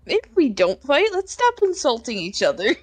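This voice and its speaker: A woman playing a tabletop game who speaks in a gentle, reassuring way, calming a nervous horse. Her voice sits a little high. The tone stays warm and easy. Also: moderate pace, breathy edge. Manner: soothing, reassuring in character. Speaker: player. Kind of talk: tabletop role-play.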